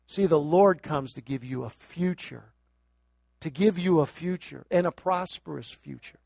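A man preaching a sermon, moving from quiet scripture reading to loud, emphatic exhortation. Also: a little high, a little slow, creaky, dry recording, clean studio sound. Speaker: pastor.

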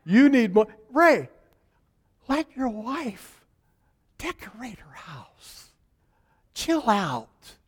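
A man preaching who quotes an older male pastor giving relaxed, gently chiding advice. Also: high voice, normal speed, voice pushed up.

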